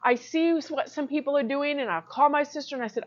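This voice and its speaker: A woman's voice: high-pitched, fast talker, few pauses, dull audio. A woman giving an informal, earnest sermon to camera, emphatic and laughing often. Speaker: Christian teacher.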